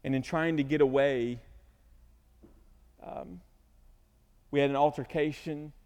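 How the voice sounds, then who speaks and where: A man's voice: fairly high pitch, fairly even intonation, takes it slowly, a little mellow, smooth, big-room sound. A man preaching a sermon as pastor, speaking earnestly and emotionally, at times rising into pleading cries.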